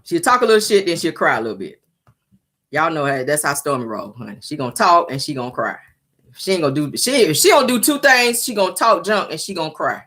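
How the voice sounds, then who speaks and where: A woman's voice: low-pitched, big pitch swings, fast, fairly bright tone, slightly rough. A woman hosting a casual celebrity gossip show, sassy and teasing, calling her audience honey and child. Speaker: commentary show host.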